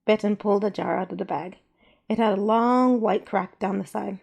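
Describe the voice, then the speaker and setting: A woman narrating a story aloud in a measured, even reading. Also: medium pitch, creaky.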